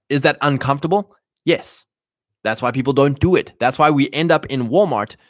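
A man's voice: mid-range voice, no echo, clean studio sound. A man giving an opinionated monologue, emphatic and loose, with many fillers. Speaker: commentator.

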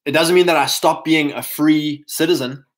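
A man with a South African accent, talking in a casual monologue, animated and mocking, breaking into put-on voices and laughs. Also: on the high side, moderate pace, a little hiss or hum, poor audio. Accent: South African English.

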